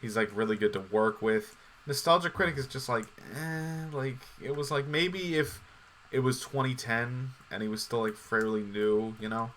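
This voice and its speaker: A man's voice: medium pitch, normal speed, fairly bright tone, slight background noise. A man hosting a casual chat, rambling and swearing, with lots of fillers and restarts. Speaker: podcast host.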